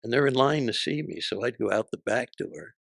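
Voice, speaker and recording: This sixty-something man is a comedian guesting on a show, trading stories casually with a punchy, foul-mouthed style and snappy impressions of the people he quotes. He speaks in a mid-range, animated voice that has vocal fry and a fairly bright tone. There's no room sound, just a clean studio capture.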